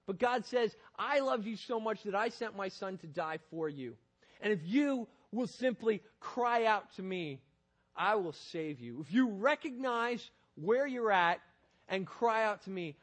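Male preacher with a high voice, earnest sermon delivery, urgent then hushed in prayer. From Northern Virginia, USA. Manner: earnest, swings from loud urgency to quiet prayer.

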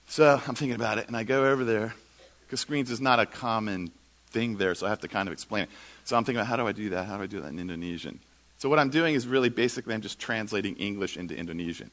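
Casting note: male guest preacher, animated storyteller, bright lively delivery. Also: lowish voice. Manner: animated, self-mocking storytelling. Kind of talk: sermon with storytelling. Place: church.

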